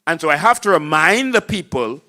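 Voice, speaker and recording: A man's voice: a little high, expressive, normal speed, sharp tone. Fiery Bahamian man preaching politics. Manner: impassioned, preachy, acts out voters in mocking voices. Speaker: political host and party leader. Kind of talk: fiery political talk show monologue. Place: studio with live audience.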